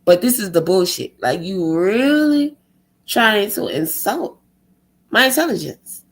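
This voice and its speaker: A woman in the middle of a heated, profanity-laden rant, exasperated and biting. She pelts out rhetorical questions and mocks the people she is complaining about. Her pitch sits in an ordinary middle range. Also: expressive, unhurried, rough recording. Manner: exasperated, sarcastic, heavy swearing; fires rhetorical questions, mocks others in a put-on tone. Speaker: vlogger.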